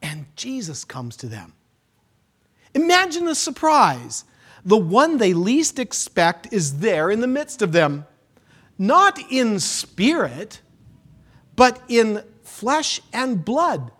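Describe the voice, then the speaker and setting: A male pastor delivering a sermon in a high, very animated voice. He speaks slowly and deliberately, dropping to near hushes and then surging up for emphasis. His delivery is dramatic and heartfelt. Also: breathy edge. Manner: dramatic preaching with sudden hushed drops and rises.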